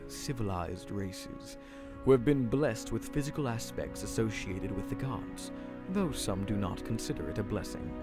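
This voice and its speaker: A man voicing a deep, quiet, contemplative godlike being, reading lore slowly and solemnly. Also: close to an everyday voice. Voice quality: deep, hushed. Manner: slow, introspective, solemn.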